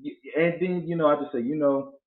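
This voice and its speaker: A man's voice: on the high side, quick pace. A man hosting a casual talk show tells his stories with lots of animation, jumping into other people's voices as he goes. His sound is thin and phone-like, with a noticeable echo from the room around him. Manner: animated storyteller acting out voices. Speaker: podcast host. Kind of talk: casual chat. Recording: tinny phone-like audio in an echoey room.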